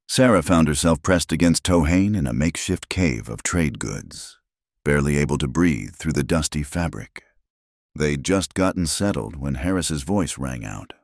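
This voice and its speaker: A very deep male voice narrates a frontier story with dramatic expression. His pitch rises and falls in a lively way. The recording is dry and close, with no room sound. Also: gravelly, no echo.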